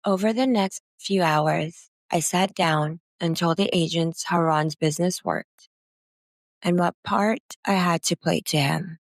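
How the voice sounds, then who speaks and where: A woman with a very low, gravelly voice reads a first-person memoir at a slow, unhurried pace. Her delivery is somber, and the recording is dry and close. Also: dry recording. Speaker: narrator.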